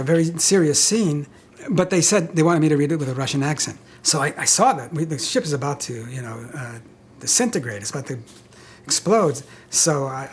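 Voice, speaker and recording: An older male actor recalling stories in an interview, chatty and halting with fillers and chuckles. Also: a little high, a little hiss or hum. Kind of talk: anecdotal interview.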